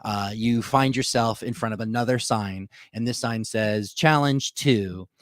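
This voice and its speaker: A man's voice: on the low side, fairly even intonation, moderate pace, no room sound, studio quality. A man narrating as game master of a comedy tabletop game, easygoing and hesitant.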